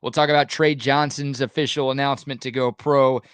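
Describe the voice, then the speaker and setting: A man's voice: mid-range voice, little pitch movement, a little fast, smooth, dry recording. A man hosting a sports radio show, teasing his co-host dryly and leading into segments. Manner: dry teasing, steers the segments. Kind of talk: casual chat and show hosting.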